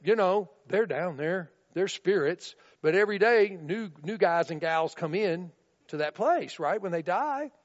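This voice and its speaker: High-voiced male preacher in a hall. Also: animated, unhurried. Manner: conversational, asks listeners "right?". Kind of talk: sermon. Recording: dull recording with long reverb in a large room.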